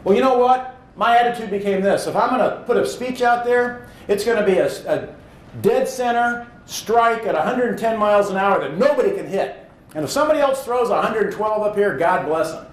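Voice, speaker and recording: A man's voice: sits high, lively intonation, fairly quick. A man in his thirties from Indiana, giving a motivational speech in a hall, telling stories and building to emphatic points. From Indiana, USA. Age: 30s. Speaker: public speaking champion. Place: hall with audience. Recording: roomy hall echo, faint noise.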